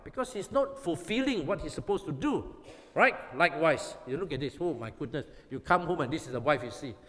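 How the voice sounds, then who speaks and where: A pastor preaches in emphatic, repetitive bursts, constantly checking that his listeners follow. His voice sits fairly high for a man. The long reverb of a big hall trails after every phrase. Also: animated, brisk, fairly bright tone. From Malaysia. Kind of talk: sermon to youth.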